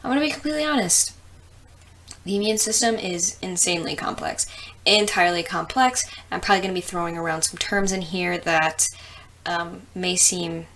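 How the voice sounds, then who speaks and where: A woman's voice: mid-range voice, fairly bright tone. A young woman from the US Midwest who explains science in a casual, chatty way, with lots of ums and plenty of swearing. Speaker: host.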